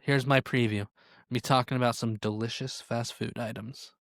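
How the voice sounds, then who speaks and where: Man, podcast co-host, easy mid-pitched voice, dry close sound, animated storyteller. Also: moderate pace, gravelly, no echo. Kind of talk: casual chat.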